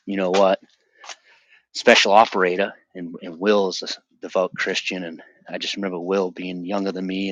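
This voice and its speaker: A man's voice: low voice, fairly bright tone. A man in his thirties from Massachusetts, telling his faith testimony as a podcast guest in a loose, emotional, slangy way over a remote call. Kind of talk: casual storytelling. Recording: dull lo-fi call audio.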